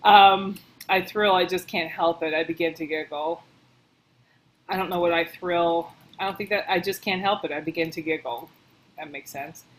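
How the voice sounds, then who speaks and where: A woman working as a book editor, reading passages aloud and thinking out loud in a casual, chatty way as she comments on them. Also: fairly low pitch, fairly even intonation, normal speed, a little hiss or hum, low-quality recording.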